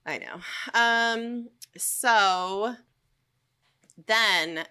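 A young woman co-hosting a podcast in casual chat, telling the story in a halting, rambling way with many ums. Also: mid-range voice, sharp tone, smooth. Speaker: podcast co-host.

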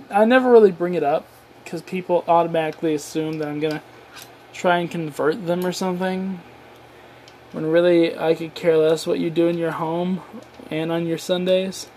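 A man with a voice pitched a little above the usual, talking alone on his podcast. He sounds tired and rambles loosely, dropping casual swears and running himself down as he goes. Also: a little mellow, a little hiss or hum. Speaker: podcast host. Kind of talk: casual solo podcast rant.

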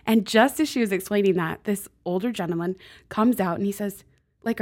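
A woman co-hosting a casual talk, telling a story in a lively way and laughing easily. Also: medium pitch, fairly quick. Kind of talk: casual chat.

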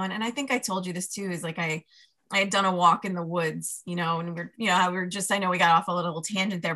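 A woman's voice: lowish voice, bright, forceful tone. A woman working as a life coach, telling a personal story in a podcast conversation and acting out her inner dialogue with laughs.

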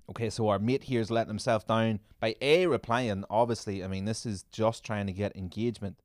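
A man hosting a comedy podcast, ranting sarcastically with lots of swearing and sudden loud mocking bursts. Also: on the low side, fairly even intonation, moderate pace, no echo, studio quality.

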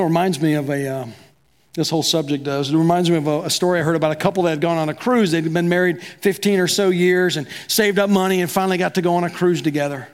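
A man preaching a sermon as pastor, talking conversationally and acting out both sides of quoted dialogue. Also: fairly high pitch.

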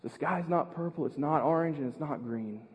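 An American man preaching a sermon as pastor, earnest, repeating words and building to loud emphasis. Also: fairly high pitch, moderate pace, long reverb tail, highs cut off. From United States. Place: church.

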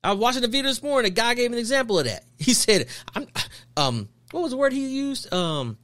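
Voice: mid-range voice, big pitch swings, brisk, a bit bright. A podcast host delivering an emphatic, preachy opinion monologue full of rhetorical questions and repeated phrases.

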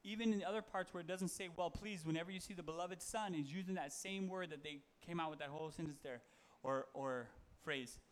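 A man's voice: on the high side, brisk, hardly any pauses. A man giving a casual, conversational sermon, reading Bible verses and talking them through with fillers and self-corrections. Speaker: preacher.

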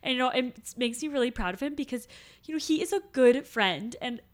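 A woman's voice: high voice, expressive, brisk. A woman in her thirties co-hosting a podcast. She speaks reflectively and affirmingly in casual chat. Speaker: podcast co-host.

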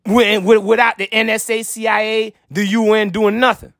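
A man's voice: sits high, level tone, moderate pace, gravelly, a bit bright, no room sound, studio quality. A man from Haiti delivering a heated, profane political rant to his viewers. He is blunt and repeats himself as he talks. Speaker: vlogger.

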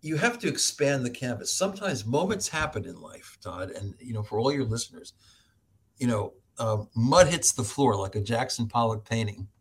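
A middle-aged American man, a professor, telling stories as a podcast guest, animated, laughing often and acting out other people's voices. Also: medium pitch, normal speed, slightly rough. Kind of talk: storytelling in an interview.

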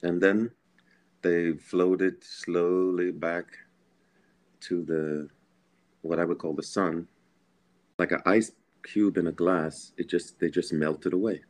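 A man from Philadelphia, a guest musician, telling a personal story in a podcast interview from home, earnest and animated, chuckling and repeating words. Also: sits low, takes it slowly, pauses often. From Philadelphia, USA.

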